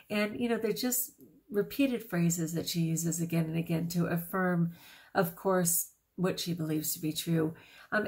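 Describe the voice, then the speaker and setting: A woman in her sixties chatting casually to camera as a vlogger, gushing and laughing often, with plenty of fillers. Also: lowish voice. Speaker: vegan vlogger.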